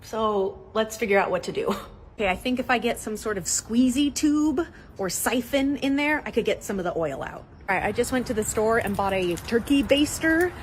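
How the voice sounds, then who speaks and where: A woman's voice: fairly high pitch, expressive, moderate pace, a little hiss or hum. A woman narrating a casual vlog in a wry, self-mocking way.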